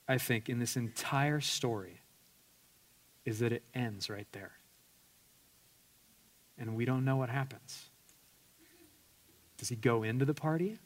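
A male pastor preaching an earnest sermon, telling personal stories with self-deprecating humor and frequent restarts. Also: mid-range voice.

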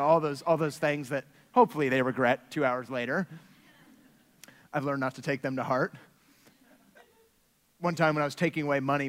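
Man, pastor, 30s, high voice, earnest sermon with playful asides, long church-hall reverb. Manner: earnest, with playful asides and acted-out family quotes.

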